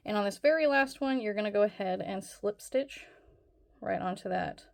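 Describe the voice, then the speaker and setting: A woman's voice: mid-range voice, normal speed, vocal fry, darkish tone. A woman hosting a casual crochet tutorial, talking through each step in a rambling, self-deprecating way with plenty of fillers.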